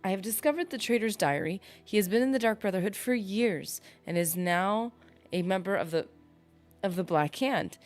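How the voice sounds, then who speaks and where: A woman reading a diary aloud in a game as a grim assassin with a gravelly, achy-throated voice. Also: medium pitch, moderate pace, soft background music, natural voice.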